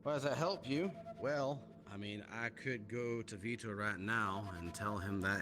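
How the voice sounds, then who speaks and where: A man roleplaying a gang leader on a live stream, questioning calmly and often murmuring agreement. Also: lowish voice. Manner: calm, probing, drawn-out murmured agreement. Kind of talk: in-character roleplay dialogue. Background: background music.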